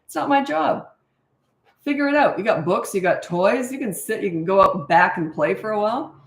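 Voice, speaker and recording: A woman's voice: mid-range voice, animated, normal speed. A middle-aged woman from Canada, a parenting coach, chatting casually on a live stream, laughing often and giving blunt, no-nonsense advice. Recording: echoey room.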